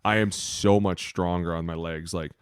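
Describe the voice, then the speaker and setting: A man's voice: sits low, steady tone, moderate pace, clean tone, no room sound, studio quality. A man co-hosting a podcast, telling a profane, rambling story in casual banter. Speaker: podcast co-host, former offensive lineman; youth football coach.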